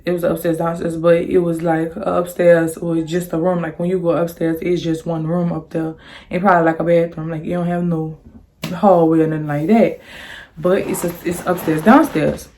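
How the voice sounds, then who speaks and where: A young woman telling a storytime in casual chat, rambling with lots of restarts and fillers, and jumping high in pitch when she quotes herself. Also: normal speed. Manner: animated, jumps high on quoted lines. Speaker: storyteller vlogger.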